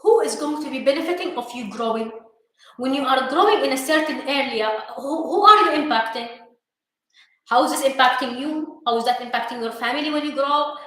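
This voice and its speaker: Emphatic high-voiced woman with Arabic accent. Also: brisk, sharp tone. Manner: emphatic, repeats questions for stress. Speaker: co-host, coach. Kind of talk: live motivational talk. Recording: very echoey room.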